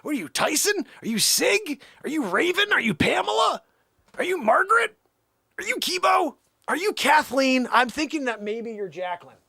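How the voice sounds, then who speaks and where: A man's voice: very high voice, very animated, normal speed, gravelly, bright, forceful tone, no room sound, studio quality. A young man hosting a livestream, doing a rambling, mock-indignant one-sided phone call bit. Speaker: livestream host.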